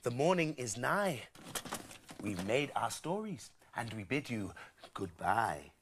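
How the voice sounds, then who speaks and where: A woman voicing the calm, guiding leader of a group of story makers in a children's drama. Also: extremely low pitch, takes it slowly, background noise, exaggerated voice.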